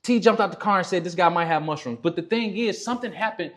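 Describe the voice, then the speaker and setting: A man guesting on a podcast, telling a story in casual chat, animated and swearing freely as he acts out what others said. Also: sits high, fast.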